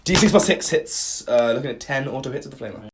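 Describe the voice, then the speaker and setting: Excitable man calling a tabletop battle. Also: mid-range voice, a little fast, noisy background. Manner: animated, bursts of loud cheering and groans. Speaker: wargame player and commentator.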